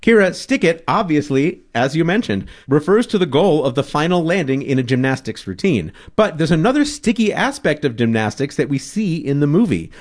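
Animated, playful male quiz host. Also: a little high, a little fast, few pauses. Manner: playful, reads questions and fun facts with laughs. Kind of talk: radio quiz hosting.

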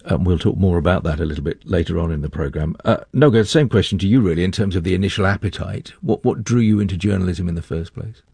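A man hosting a radio interview programme, measured and steady, with frequent small fillers. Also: low-pitched, gravelly, slightly rough, dry recording.

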